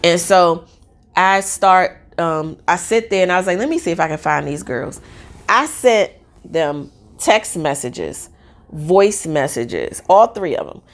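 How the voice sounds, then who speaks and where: A woman in her forties telling a personal story in a casual, rambling, excitable way with lots of fillers. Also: on the low side, unhurried.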